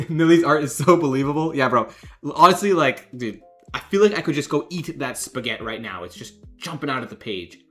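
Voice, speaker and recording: A man's voice: mid-range voice, animated, fairly quick, a bit bright, faint music behind. A man casually commenting on fan art during a livestream, joking, laughing and reading donation messages aloud. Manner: chatty, jokey, reads donations aloud, laughs often. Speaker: game developer streamer judging fan art.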